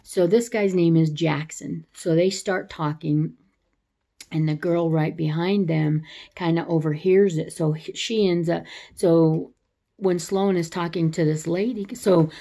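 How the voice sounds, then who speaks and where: Low, mellow-voiced woman recapping a movie. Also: fairly even intonation, a little slow, creaky. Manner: rambling, with frequent restarts and self-corrections; chatty, laughs while retelling. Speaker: movie reviewer. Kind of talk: casual spoken movie recap.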